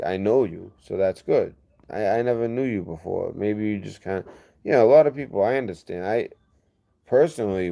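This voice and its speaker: A man hosting a casual livestream, reading viewer comments and rambling, getting heated and fast when he defends himself. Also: sits low, vocal fry, warm tone. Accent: lazy-sounding regional accent. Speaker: livestream host.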